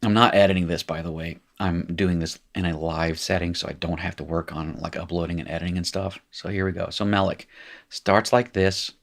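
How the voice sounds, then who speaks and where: A male teacher with a somewhat low voice runs a live language lesson at his desk. He talks in a chatty, joking way and catches and fixes his own slips as he goes. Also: fairly even intonation, fairly quick, vocal fry. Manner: chatty, jokey, self-correcting.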